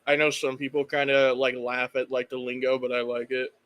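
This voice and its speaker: A man's voice: mid-range voice, flat delivery, brisk, fairly bright tone, no echo. A young man who runs tabletop games, chatting casually with lots of fillers and enthusiasm. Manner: rambling, filler-heavy, enthusiastic. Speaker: game master, podcast guest. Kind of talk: casual chat.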